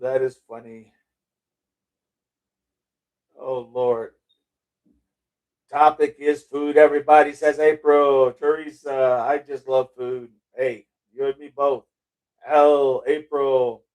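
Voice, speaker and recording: A man's voice: mid-range voice, flat delivery, slow pace, long pauses, a little mellow. A middle-aged man hosting a casual livestream, reading out viewer chat and rambling off on tangents, laughing and swearing casually. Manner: rambling, loses his train of thought, laughs and swears casually.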